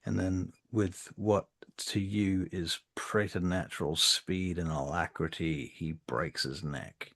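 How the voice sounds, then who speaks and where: Man game master, low voice, gravelly, lively narration. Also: takes it slowly, hardly any pauses. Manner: relaxed, filler-heavy narration. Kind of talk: narrating a tabletop role-playing game.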